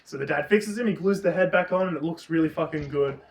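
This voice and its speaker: A man co-hosting a casual book review chat, retelling the plot with lots of swearing and animated energy. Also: fairly high pitch, quick pace, creaky. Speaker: podcast co-host. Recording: roomy, distant mic.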